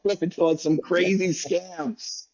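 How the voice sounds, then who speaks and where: A man's voice: high-pitched, a little mellow, lo-fi sound, slight background noise. An American man on a call, telling a long, profane travel story in a rambling, casual way. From United States. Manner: rambling, profane, fast bursts. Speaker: guest.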